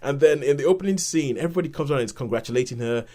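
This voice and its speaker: A man co-hosting a podcast, reviewing a film in casual chat and retelling scenes with lively quoted voices. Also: on the high side, rapid-fire. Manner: animated retelling with acted-out quotes and laughs.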